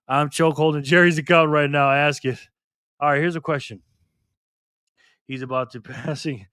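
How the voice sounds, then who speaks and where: A man's voice: mid-range voice, a bit bright, no echo, clean studio sound. A tired man hosting a casual livestream, laughing often as he reads chat aloud. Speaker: livestream host.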